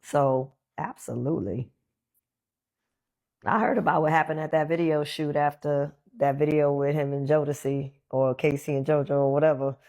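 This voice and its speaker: A woman with a low-pitched voice recounts a memory in a relaxed, chatty way. She animates the story by putting on other voices for the people she quotes. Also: moderate pace. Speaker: interview guest. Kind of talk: casual storytelling.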